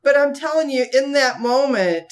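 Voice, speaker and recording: A woman co-hosting a podcast, telling a story in a casual, animated way, laughing often and slipping into acted quotes. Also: high voice, moderate pace. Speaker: podcast co-host.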